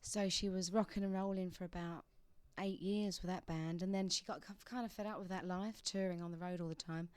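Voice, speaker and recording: Chatty young woman, smooth and dry. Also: fairly low pitch, steady tone, brisk, few pauses, darkish tone, dry recording. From England. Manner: chatty, laughs often, with restarts. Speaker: interview guest, singer. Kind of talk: casual radio interview. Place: radio studio.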